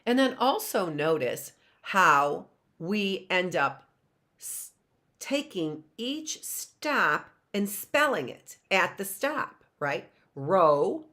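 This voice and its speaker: Slow-talking woman teaching phonics. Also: sits low, pushed and bright. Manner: slow, sounding out words syllable by syllable. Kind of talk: phonics lesson for young children.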